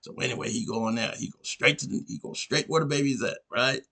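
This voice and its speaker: A man's voice: mid-range voice, fast, creaky, sharp tone, husky. A man hosting a podcast, telling a long story in a rambling casual way, constantly checking in with his listener. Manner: rambling, constantly asks "you know what I'm saying". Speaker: podcast host.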